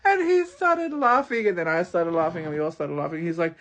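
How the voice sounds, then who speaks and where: An adult from Australia, telling a wild story in a casual vlog, animated, swearing freely and acting out the quotes. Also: mid-range voice. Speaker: vlogger.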